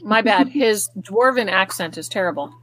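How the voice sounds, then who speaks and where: A woman's voice: medium pitch, lively intonation, normal speed. Teasing woman player. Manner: teasing, playful. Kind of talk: casual chat during a tabletop game.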